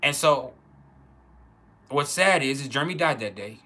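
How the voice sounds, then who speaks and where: A man telling a personal childhood story in a casual, halting way, with many restarts. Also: medium pitch, expressive, sharp tone. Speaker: channel host.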